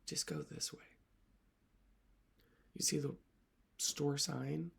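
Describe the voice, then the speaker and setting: A woman's voice: low-pitched, very animated, slow, vocal fry, fairly bright tone. A woman literacy coach talking reflectively to camera, earnest and emotional, often dropping her voice to a near whisper.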